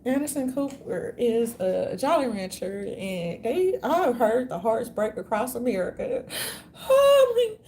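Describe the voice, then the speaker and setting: A woman's voice: a little high, animated, measured pace, hardly any pauses, warm tone, slight background noise. A woman vlogger ranting in a meandering, profane, slangy way. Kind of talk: rambling casual rant.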